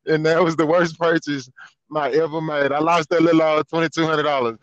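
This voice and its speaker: A man telling a story in casual chat, animated and repeating his phrases, laughing as he goes. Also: a little high, fairly quick, dry recording. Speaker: guest. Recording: dull lo-fi sound, dry.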